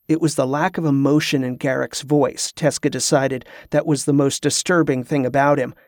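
A man's voice: medium pitch, steady tone, normal speed, hardly any pauses, a little mellow, no room sound. Dry-sounding male audiobook narrator.

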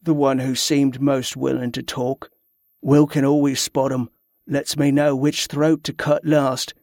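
Flat, dead-voiced killer smuggler voiced by a male narrator, bored and clipped. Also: medium pitch, a little slow, dry recording, studio quality, lightly acted. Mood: cold.

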